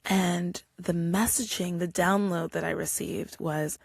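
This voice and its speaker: A young adult woman hosting her own podcast, telling a personal story in a chatty, animated way and acting out quotes. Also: lowish voice, unhurried, creaky, hardly any pauses, slightly rough, no room sound, clean studio sound. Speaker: podcast host. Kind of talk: casual solo podcast storytelling.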